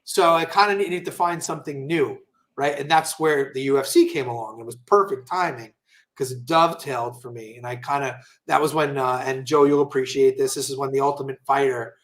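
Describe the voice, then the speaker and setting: A man guesting on a podcast, telling casual stories with animated, profane asides and lots of fillers. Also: medium pitch, fairly quick. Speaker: guest entrepreneur. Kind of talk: casual storytelling interview.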